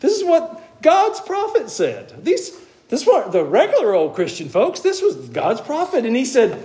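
A man preaching a sermon, moving between hushed asides and emphatic, high-pitched exclamations. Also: wildly swooping pitch, normal speed.

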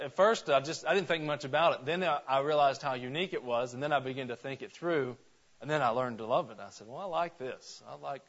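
A man's voice: mid-range voice, muffled recording. A man from Georgia preaching a conversational sermon to his church, folksy and full of questions to the congregation. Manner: folksy, asks the congregation questions, frequent restarts. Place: church sanctuary.

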